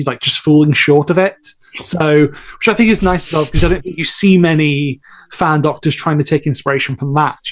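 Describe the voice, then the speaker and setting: A man who voices a lead role, chatting casually on a podcast in a rambling, candid way, swearing now and then. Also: fairly high pitch. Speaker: voice actor in the audio drama.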